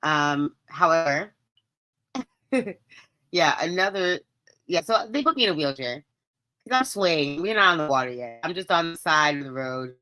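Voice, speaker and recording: A woman hosting her podcast, telling a story in a casual, animated and dramatic way, often laughing and using chatty slang. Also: deep voice, a little slow, pauses often. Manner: chatty slang, addresses listeners as babes. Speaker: podcast host.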